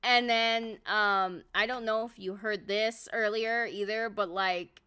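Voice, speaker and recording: A young adult woman chatting casually on a live stream, excitable and quick to swear and laugh. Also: mid-range voice, clean tone.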